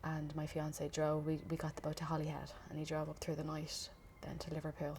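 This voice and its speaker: A young Irish woman giving a documentary interview, recounting events in a measured, steady way. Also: sits low, slight background noise.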